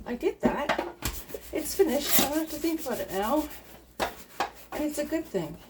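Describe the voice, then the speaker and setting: At her kitchen sink, a middle-aged woman with a fairly high voice vlogs her cleaning, chatting casually and encouragingly with frequent laughter. The audio is very noisy, dominated by clattering dishes, pots and running water.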